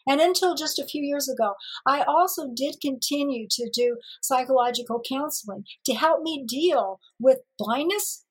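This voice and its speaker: A woman from Missouri telling her life story as an interview guest, lively and acting out past conversations with laughter. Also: high voice, normal speed, hardly any pauses, low-quality recording. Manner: lively storyteller who acts out dialogue with laughter.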